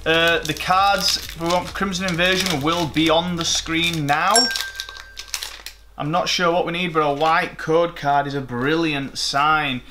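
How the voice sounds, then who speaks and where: Excitable man opening card packs. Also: fairly high pitch, unhurried, slight background noise. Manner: excitable, swears, mocks himself. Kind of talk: casual commentary while opening packs.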